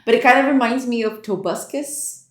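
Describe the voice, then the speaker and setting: Hosting a game development livestream, this young woman speaks fairly quickly in a higher-pitched voice, welcoming viewers and chatting loosely. She laughs often and stumbles over her words. There's a roomy echo with soft music underneath.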